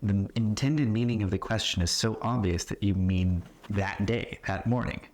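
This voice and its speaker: Deep-voiced man teaching English, patient. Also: moderate pace, a little mellow, a little hiss or hum. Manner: patient, explains with example questions, checks in with "right?". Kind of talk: conversational classroom explanation. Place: classroom or retreat room.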